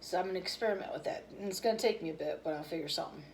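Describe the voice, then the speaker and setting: A woman's voice: lowish voice, very fast, a little mellow, slight background noise, poor audio. A woman hosting her own cooking channel, chatting casually and candidly with viewers while tired and yawning. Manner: rambling, candid, talks about fitness and feelings.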